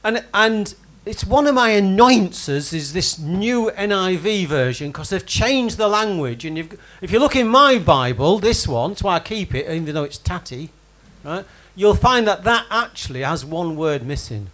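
A man's voice: sits high, lively intonation, moderate pace, few pauses, a bit bright. A man preaching a sermon, talking conversationally and putting questions to the congregation by name. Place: church hall with congregation.

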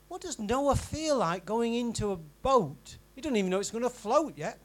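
A man preaching a sermon in a church, in a conversational style that swings from emphatic to quiet and intimate. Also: extremely high pitch, animated, normal speed, rough recording. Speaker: pastor.

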